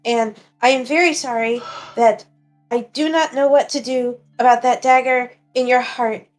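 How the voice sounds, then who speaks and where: Woman playing a polite young adventurer, formal, hesitant, high voice, tabletop game. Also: fairly even intonation, normal speed, faint music behind, lightly acted. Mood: earnest.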